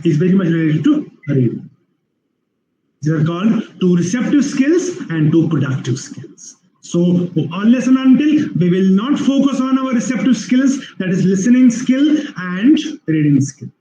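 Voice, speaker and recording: A man giving an online webinar lecture on English skills, explaining slowly with repeated phrases and drawn-out spoken examples. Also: high voice, mellow, reverberant, slight background noise, poor audio.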